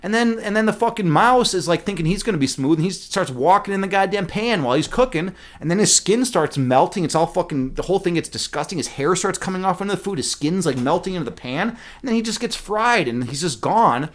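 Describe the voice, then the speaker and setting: A man's voice: sits high, expressive, brisk, hardly any pauses. A young man from the Midwestern US hosting a casual livestream, rambling, swearing freely and joking with his chat. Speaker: livestream host.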